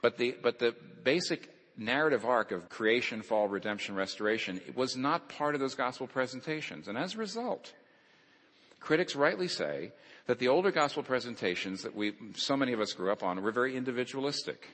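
A man's voice: medium pitch, animated, fairly quick, fairly bright tone. A man giving a lecture-style sermon who stresses his points by repeating key phrases. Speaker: preacher. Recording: long reverb of a large hall.

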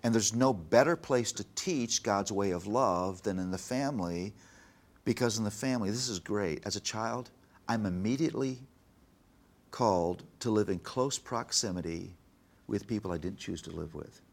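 A middle-aged man speaking earnestly in an interview, preaching with emphasis and softly retelling conversations with his child. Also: lowish voice, moderate pace, creaky. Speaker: guest, Christian author on parenting. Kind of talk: earnest interview talk with told anecdotes.

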